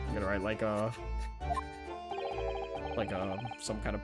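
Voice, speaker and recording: A man's voice: lowish voice, level tone, measured pace, long pauses. Man muttering offhand game asides. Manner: quiet, offhand, hesitant asides. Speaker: let's play gamer. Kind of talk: casual game commentary while reading dialogue. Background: game music.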